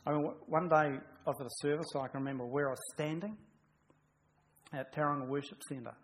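A man's voice: on the high side, fairly even intonation, fast talker, poor audio. Male pastor, casual humorous sermon, stop-start phrasing, faint background hiss. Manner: chatty, humorous, with frequent restarts.

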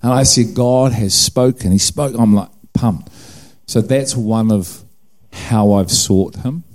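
Slow and slightly mellow, with a fairly low pitch, a middle-aged man with a New Zealand accent preaches from his own testimony. He voices the characters in his story and keeps turning the humor on himself.

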